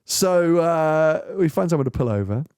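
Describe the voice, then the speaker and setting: A man's voice: a little high, fairly quick, clean tone. A British man hosting a podcast, telling a story in casual chat and acting out the people he quotes. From United Kingdom. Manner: animated, acts out quoted voices. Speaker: podcast host.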